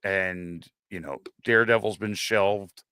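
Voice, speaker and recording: A man's voice: deep voice, a little slow, bright, forceful tone, smooth, no room sound, clean studio sound. A man co-hosting a podcast, talking casually and enthusiastically, with crude jokes and swearing. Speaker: podcast co-host.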